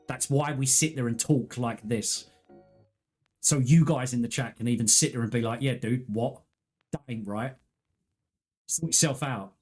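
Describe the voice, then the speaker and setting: A gaming streamer chats casually on a live stream in a mid-range, slightly mellow male voice. He tells personal stories in a candid, rambling, earnest way.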